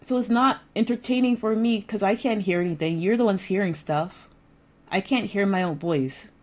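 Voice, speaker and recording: A woman's voice: medium pitch, normal speed, poor audio. A woman streamer chatting casually with her viewers, repeating herself and sounding mildly exasperated as she fiddles with her audio settings. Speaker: live streamer.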